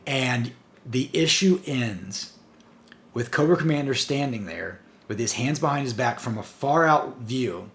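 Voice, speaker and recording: Excitable man recapping a comic. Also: mid-range voice. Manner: excitable storytelling recap with frequent chuckles. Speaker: host of a comic and toy review channel. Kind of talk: casual spoken comic review.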